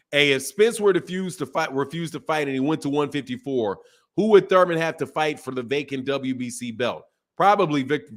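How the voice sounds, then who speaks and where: A man's voice: mid-range voice, fairly bright tone. A man hosting a boxing channel, casually chatting on a live stream and reading viewer comments, repeating phrases as he goes.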